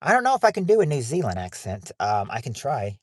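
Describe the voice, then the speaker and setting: A man's voice: mid-range voice, wildly swooping pitch, brisk, dry recording, clean studio sound. Rambling man hosting a livestream game night. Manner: rambling, reads out viewers' names and answers. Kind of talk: casual livestream chat. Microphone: phone.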